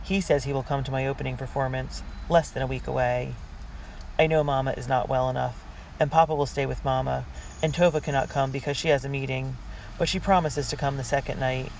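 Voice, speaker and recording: A reader narrating a diary storybook in a girl's first-person voice, earnest and unhurried. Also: medium pitch, steady tone, gravelly, a little hiss or hum, poor audio. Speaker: audiobook reader.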